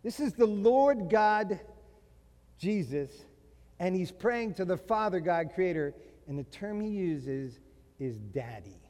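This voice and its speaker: Emphatic high-voiced preacher in a hall. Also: male voice, expressive, darkish tone. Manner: emphatic, slows down to stress key phrases, mixes in humorous family stories. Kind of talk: sermon to fathers. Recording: long reverb of a large hall.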